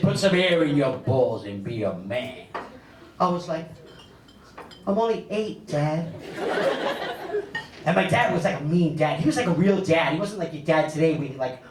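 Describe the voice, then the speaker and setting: A man, doing a stand-up comedy set on a club stage with animated storytelling and big pitch swings for punchlines. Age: 50s. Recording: echoey club audio, mic a bit distant, loud crowd laughter.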